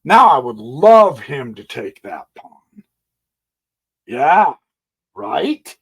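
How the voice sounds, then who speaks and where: Animated folksy man reviewing a chess game. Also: medium pitch, very slow, gravelly, slightly rough. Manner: folksy, thinks aloud with homey exclamations; animated, swinging between quiet asides and emphatic bursts. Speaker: chess channel host. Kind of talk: casual game walkthrough on a physical board.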